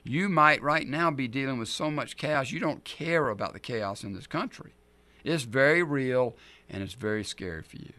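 Delivering a sermon at a moderate pace, a middle-aged pastor speaks in a mid-range voice. He recounts the story with animation and strong emphasis.

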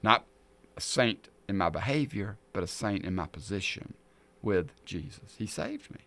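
A man preaching a sermon, reading scripture aloud and pressing each point with loud stresses and then dropping to quiet asides. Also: fairly low pitch, lively intonation, normal speed. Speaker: pastor.

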